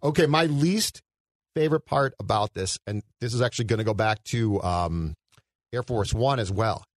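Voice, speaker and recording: A man's voice: on the low side, normal speed, no echo. A man co-hosting a casual film podcast, rambling and hedging as he thinks aloud. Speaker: podcast co-host.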